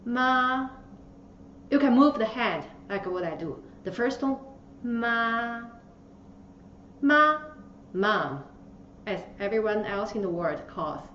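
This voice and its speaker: Woman language teacher, slow and patient, dull roomy recording with faint hiss. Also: mid-range voice, animated, recorded from a distance. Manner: patient, demonstrates tones with exaggerated syllables. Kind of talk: slow instructional lesson.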